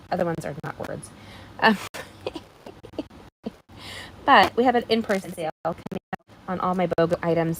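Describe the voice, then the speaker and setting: A woman's voice: mid-range voice, creaky, a little hiss or hum, poor audio. A woman hosting a live card-making stream, chatting in a bubbly way straight to her viewers as she demonstrates. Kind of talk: casual live craft demonstration.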